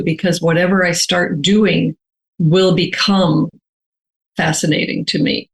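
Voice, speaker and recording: Older American woman, author in interview, low-ish voice, thoughtful and deliberate delivery. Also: fairly even intonation, poor audio. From United States. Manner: measured, thoughtful, stretches key words slowly. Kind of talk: conversational interview answers.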